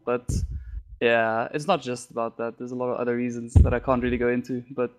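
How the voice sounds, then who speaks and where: A man's voice: medium pitch, flat delivery, fairly quick. Laid-back young man, mumbly. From South Africa. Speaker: podcast guest, esports player. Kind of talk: casual interview chat.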